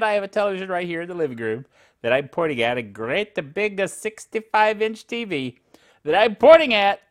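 A man's voice: high voice, fairly bright tone. A middle-aged man hosting a casual tech podcast from his living room, jokey and rambling, tripping over words and laughing at himself.

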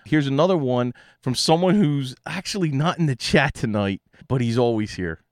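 A man's voice: medium pitch, lively intonation, normal speed, darkish tone, no echo, studio quality. A man with a Philadelphia accent hosting a podcast, chatting casually as he thanks listeners and answers their messages. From Philadelphia, USA. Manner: chatty, thanks callers, restarts sentences. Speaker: podcast host.

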